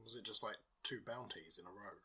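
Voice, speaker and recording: Husky, bright man, laid-back and giggly. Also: fairly low pitch, brisk. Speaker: podcast co-host. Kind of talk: casual podcast chat.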